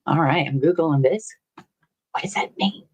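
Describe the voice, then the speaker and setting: A woman's voice: low-pitched, moderate pace, darkish tone, husky, dull audio. A woman hosting a casual livestream, rambling and chatty as she reads viewer comments aloud, laughing often and swearing casually. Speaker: livestream host.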